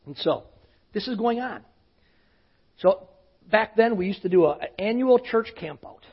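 A male pastor preaching in a conversational storytelling way, often dropping to a hushed voice. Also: sits high, expressive, normal speed, breathy edge. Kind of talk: sermon storytelling. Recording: dull lo-fi sound.

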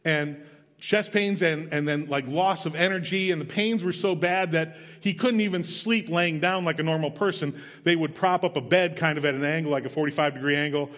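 A man's voice: a little high, moderate pace, fairly bright tone. A man preaching a sermon, retelling a story in a plain, conversational way with emphatic asides. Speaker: missionary preacher. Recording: long reverb of a large hall.

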